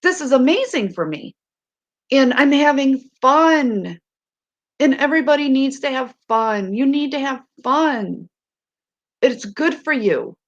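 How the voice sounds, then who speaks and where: A middle-aged woman with a hoarse voice, chatting casually on a live stream to her viewers, rambling and laughing often. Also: a little high, lo-fi sound.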